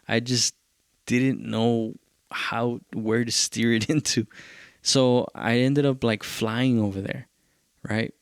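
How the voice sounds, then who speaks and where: A man's voice: mid-range voice, dry recording, clean studio sound. A male podcast host, telling a loose, profane story in a casual rambling way and dropping in Spanish phrases.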